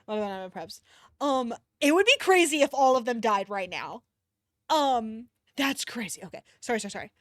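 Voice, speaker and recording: A young woman streamer reading fanfiction aloud, reacting with animated outbursts, swearing and laughter. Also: fairly high pitch, moderate pace, no room sound, clean studio sound.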